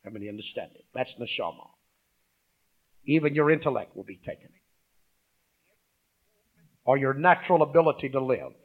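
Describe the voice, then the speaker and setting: A man preaching a sermon. He calls out to the congregation, swings from loud emphasis to hushed asides, and reads scripture aloud. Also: medium pitch, lively intonation, normal speed, pauses often, narrow, tinny audio.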